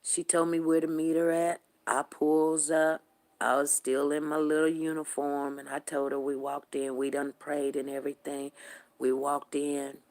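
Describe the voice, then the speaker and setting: A middle-aged woman who hosts a show, telling a story to her viewers in a casual, colloquial and animated way. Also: low voice, normal speed. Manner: colloquial and animated, talks straight to the audience. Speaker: show host.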